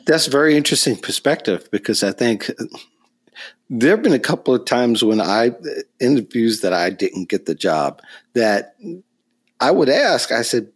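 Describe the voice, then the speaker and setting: Guest career expert, man, mid-pitched, stop-start delivery. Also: expressive, slightly rough. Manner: halting, many restarts, laughing easily. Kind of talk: casual panel discussion.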